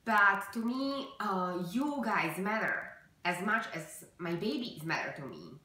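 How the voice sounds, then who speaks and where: A woman vlogging to her viewers in an earnest, halting way, emotional, with many fillers and restarts. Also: medium pitch, big pitch swings, sharp tone. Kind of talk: personal vlog talk to camera. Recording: very echoey room, far from mic.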